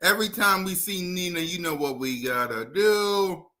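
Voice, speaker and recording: Bright-voiced man hosting a casual stream. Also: high-pitched, normal speed. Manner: hypes viewers, shouts out names. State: out of breath. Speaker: host. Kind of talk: casual livestream chat.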